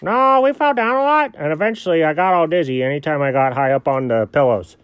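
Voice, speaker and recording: A man playing a goofy, easygoing rich male dog in an improvised audio story, talking in a lively, rambling, bemused way. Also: fairly high pitch, brisk, clear, resonant tone, dry recording. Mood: casual.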